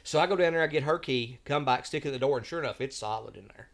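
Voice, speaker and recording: On a podcast, a man with a creaky, medium-pitched voice tells a travel story at a rapid-fire clip. His casual storytelling is folksy and drawling, and he acts out the voices of people he quotes.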